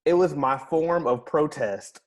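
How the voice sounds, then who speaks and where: A young man co-hosting a podcast, teasing his friend in a dry, deadpan way. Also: on the high side, a little slow. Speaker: podcast co-host. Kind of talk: casual chat.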